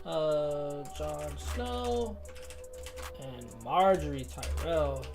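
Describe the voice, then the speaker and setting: A woman streaming a game, chatting casually, excitable, swearing and laughing often. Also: low-pitched, extremely slow, soft background music. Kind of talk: casual gaming commentary.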